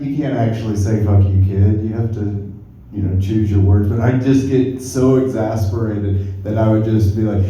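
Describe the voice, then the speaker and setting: A young man doing a stand-up comedy set, telling stories in a laid-back, deadpan way. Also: lowish voice. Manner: laid-back, deadpan storytelling with crowd laughter. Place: comedy club stage. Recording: roomy club sound from far off. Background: audience laughter.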